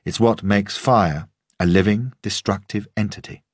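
A man voicing a seasoned woman pathologist who explains things gently and patiently. The voice is deep and grainy, heard close and dry, as in an audiobook. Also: measured pace, dry recording. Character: calm, experienced female forensic pathologist.

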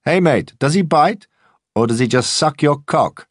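A man doing a jeering young thug, higher and louder than the narration, husky, close dry sound. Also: animated, unhurried, no room sound. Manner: loud taunting sneer. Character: jeering young male thug, loud and mocking.

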